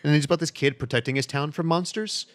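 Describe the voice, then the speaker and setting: A man co-hosting a casual gaming podcast, opinionated and quick to laugh. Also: fairly high pitch. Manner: opinionated, animated, laughs often. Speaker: podcast co-host. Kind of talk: casual chat.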